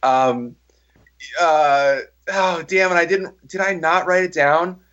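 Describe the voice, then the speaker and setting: An excitable man chatting about movies, cursing freely and gushing with delight. His voice is bright and pitched a little high. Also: slow, highs cut off. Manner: excitable, swears, gushes. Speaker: podcast co-host. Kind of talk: casual movie-review chat.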